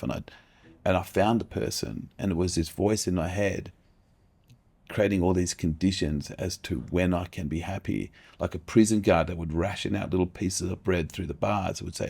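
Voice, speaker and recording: A middle-aged man, a podcast guest telling a personal story candidly, animated and emphatic, swearing freely. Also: sits low, gravelly, slightly rough. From Australia.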